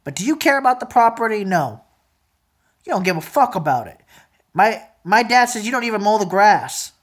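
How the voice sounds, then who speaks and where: A woman's voice: big pitch swings, moderate pace. Angry young woman ranting, swearing. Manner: repeats phrases, drops to a low mutter at times. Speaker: vlogger. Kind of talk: emotional venting monologue.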